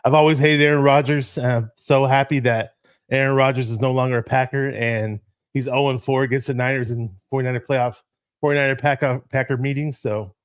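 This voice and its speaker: A man co-hosting a casual sports chat, reminiscing in a relaxed way with frequent filler pauses. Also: mid-range voice, clear, resonant tone, dry recording.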